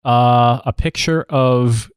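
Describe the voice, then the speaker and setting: A man's voice: medium pitch, slow, smooth, no room sound, studio quality. A man from the United States co-hosting a podcast, chatting casually with sardonic, sweary jokes. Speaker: podcast co-host. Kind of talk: casual comedic chat. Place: home recording room.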